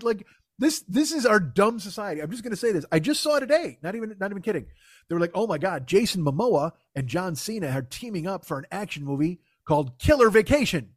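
High-voiced man on a profane comic rant. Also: no room sound, clean studio sound. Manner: profane, exasperated storytelling. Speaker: podcast host. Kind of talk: casual comedic rant.

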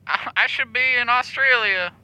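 A man's voice: very high voice, moderate pace, bright, forceful tone, no echo, exaggerated voice, rough recording. A man voicing a timid, eager adult male caller who stammers and restarts his sentences. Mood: nervous.

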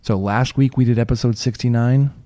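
A man's voice: mid-range voice, steady tone, fairly quick, warm tone. A man hosting a casual podcast chat, joking and rambling, his voice a bit worn from losing it. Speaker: podcast host.

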